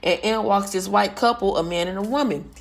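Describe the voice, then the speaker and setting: A woman vlogger telling a story in a loud, carrying voice, blunt and full of profanity. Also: medium pitch, fairly quick, gravelly. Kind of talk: casual storytelling rant.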